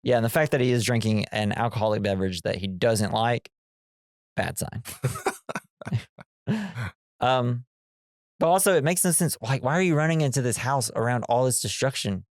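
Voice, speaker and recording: With clean studio sound and no echo, a male podcast co-host chats casually about movies, rambling and performing quoted lines from characters. He speaks at a moderate pace in a medium-pitched voice, leaving long pauses.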